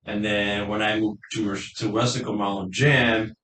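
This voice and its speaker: A middle-aged man hosting a casual talk, speaking haltingly and repeating his words. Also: on the low side, flat delivery, fairly bright tone, recorded from a distance. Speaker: podcast host and gym owner. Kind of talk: casual conversation. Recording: echoey room, away from the mic, faint noise.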